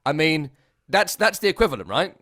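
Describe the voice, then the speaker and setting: A man hosting a podcast and chatting casually, in quick animated bursts with trailing asides. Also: on the high side, no echo, clean studio sound. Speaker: podcast host. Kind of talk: casual chat.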